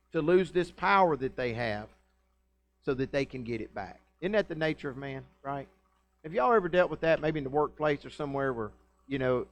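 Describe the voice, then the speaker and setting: A man preaches a sermon in a church. He is conversational and folksy, and he keeps checking in with his listeners. His voice sits slightly high for a man. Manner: conversational, folksy, asks the congregation questions. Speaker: pastor. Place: church sanctuary.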